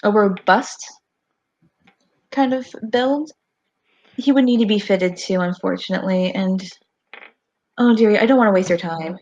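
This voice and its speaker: A woman voicing a gracious, flattering woman adventurer who talks effusively. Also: mid-range voice, a little slow, long pauses, muffled recording, lightly acted. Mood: coy. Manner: sweet-talking, effusive.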